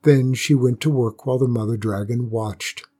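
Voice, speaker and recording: Husky-voiced man reading a folktale. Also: mid-range voice, normal speed, warm tone. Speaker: narrator. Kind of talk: storybook reading.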